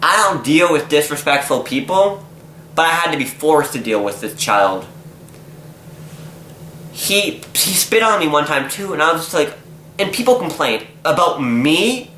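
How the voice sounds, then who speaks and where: A man's voice: on the high side, a little slow. Exasperated young man telling a story. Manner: animated, exasperated, acts out quotes. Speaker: vlogger. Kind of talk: casual storytelling vlog. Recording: echoey room, faint noise.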